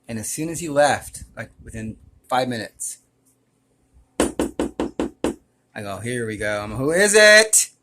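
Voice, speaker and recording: A man telling a personal story to his channel in a rambling, earnest and aggrieved way, often restarting his sentences. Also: mid-range voice. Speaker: YouTuber.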